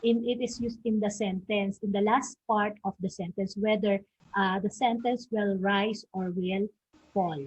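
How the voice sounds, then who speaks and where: An unhurried, husky woman with a mid-range voice and fairly even intonation teaches stress and intonation in a recorded online class. She models example words and questions, peppering her points with "okay" and "no?", over dull lo-fi sound.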